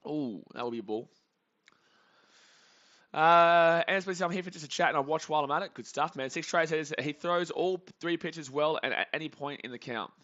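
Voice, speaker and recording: A young man calls baseball plays live and reads out chat messages, swinging quickly into excited outbursts. His voice is bright and forceful. The stream audio is dull and lo-fi. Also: a little high. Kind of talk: live play-by-play reaction stream.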